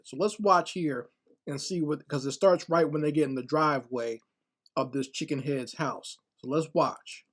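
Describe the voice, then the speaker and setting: A man giving casual reaction commentary on a video, sarcastic and full of rhetorical questions, often repeating words as he goes. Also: on the high side.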